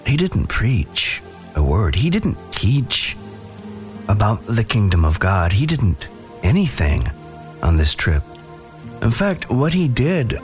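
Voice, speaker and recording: Man, pastor, sermon, low voice, animated pitch, casual storytelling. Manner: relaxed, conversational storytelling with casual slang.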